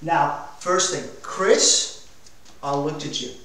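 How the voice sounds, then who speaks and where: A man coaching a dog owner in a hands-on training demonstration, energetic and direct. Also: fairly high pitch, slow. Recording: echoey room, mic far off.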